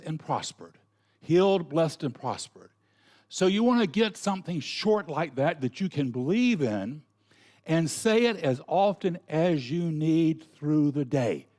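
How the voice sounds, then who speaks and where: A middle-aged Southern man preaching in an easy, folksy way, earnest and chatty. His voice sits a little above the usual male pitch, and he talks the way a minister does from the pulpit. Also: darkish tone. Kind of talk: sermon.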